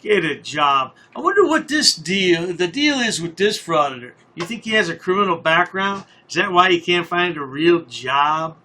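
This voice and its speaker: A man's voice: high voice, very animated, moderate pace, hardly any pauses, bright, forceful tone. A man commenting over a video in a sarcastic, scolding, folksy way. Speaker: commentary host.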